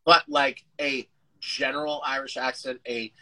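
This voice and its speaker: A man's voice: mid-range voice, flat delivery, unhurried, bright, forceful tone, poor audio. A man, an actor guest, chatting casually over a video call, rambling and restarting his sentences, with the odd casual swear. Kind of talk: casual interview chat.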